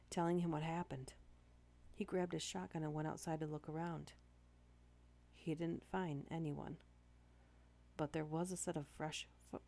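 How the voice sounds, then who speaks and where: A young woman with a Canadian accent and a low, slightly nasal voice reads stories aloud on a live stream. She drifts into casual asides and trips over a word now and then. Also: creaky, darkish tone. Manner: reads aloud with chatty asides and small stumbles.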